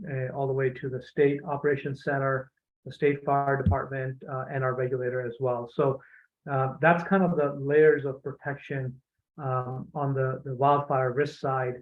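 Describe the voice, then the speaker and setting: A man giving a presentation as a utility executive, measured and hesitant, with many fillers and restarts, clearing his throat as he loses his voice. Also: medium pitch. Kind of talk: presentation talk. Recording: phone-like narrow audio.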